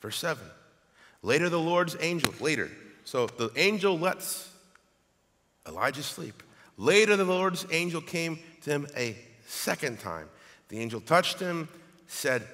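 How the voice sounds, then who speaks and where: A man preaching a sermon as pastor, reading scripture aloud in an animated way. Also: a little high, unhurried. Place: church sanctuary. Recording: long hall reverb.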